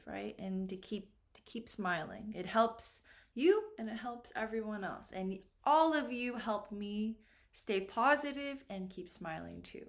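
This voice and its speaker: A woman teaching English grammar, explaining slowly and patiently and asking learners questions as she goes. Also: a little high. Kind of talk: slow, clear classroom explanation. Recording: echoey room with faint noise.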